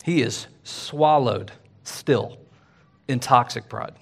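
Animated male preacher giving a sermon. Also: medium pitch, slow, vocal fry. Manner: animated preaching with rising emphasis. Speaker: pastor. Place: church service.

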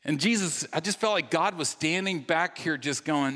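A male pastor preaching a sermon in a lively, self-deprecating way, breaking into quick, humorous bursts. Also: a little high. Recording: long reverb of a large hall.

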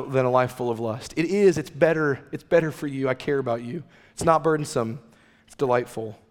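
Earnest male preacher in a reverberant hall. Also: medium pitch. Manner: earnest, conversational preaching with rhetorical questions. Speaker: pastor. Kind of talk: sermon.

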